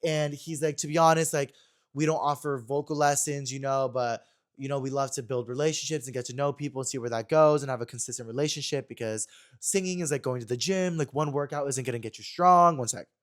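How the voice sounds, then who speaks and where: A young man hosting his own podcast, telling a story in a chatty, animated way and talking fast. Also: medium pitch. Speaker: podcast host. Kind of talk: casual chat.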